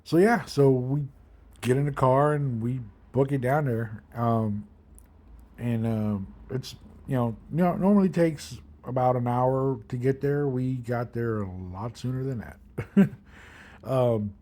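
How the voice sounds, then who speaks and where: A man's voice: medium pitch, warm tone. A man in his thirties casually telling a personal story, rambling with many fillers and acting out what others said. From Milwaukee area. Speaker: kidney transplant patient.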